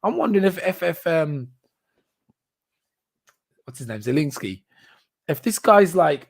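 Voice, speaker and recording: A man's voice: fairly high pitch, big pitch swings, measured pace, creaky, long pauses. A man hosting a podcast, talking alone in a casual, rambling way with many fillers, restarts and bursts of laughter. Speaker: podcast host. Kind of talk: casual solo commentary.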